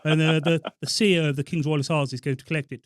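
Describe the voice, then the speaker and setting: A man's voice: on the high side, steady tone, quick pace, dry recording, clean studio sound, close to an everyday voice. A man playing a pompous, plummy-voiced army colonel in a prank phone call, overly polite and formal. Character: pompous posh army colonel phoning a guardroom.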